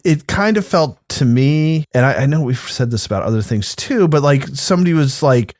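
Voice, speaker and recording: A man's voice: a little high, dry recording, studio quality. A man co-hosting a podcast in casual chat, musing and hedging as he talks. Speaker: podcast co-host.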